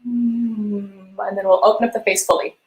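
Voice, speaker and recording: A woman vocal coach leading a live-streamed warm-up lesson, encouraging and gently guiding listeners through sung exercises. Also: mid-range voice, steady tone, a little slow, low-quality recording. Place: home room with a piano.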